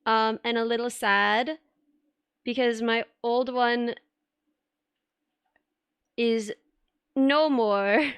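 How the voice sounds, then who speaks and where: Young woman streamer, chatty and giggly, fairly high, smooth tone, dry close mic. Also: fairly even intonation, drawn-out words, pauses often, a bit bright, dry recording. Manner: giggly, chatty, rambling with filler words. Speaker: VTuber streamer. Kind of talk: casual live-stream chat.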